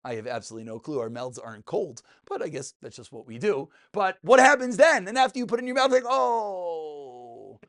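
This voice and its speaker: Animated high-voiced man teaching a class. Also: quick pace, hardly any pauses. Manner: animated, joking, asks and answers his own questions. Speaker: rabbi teaching a Talmud class. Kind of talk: lively spoken Torah class. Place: class room with live students.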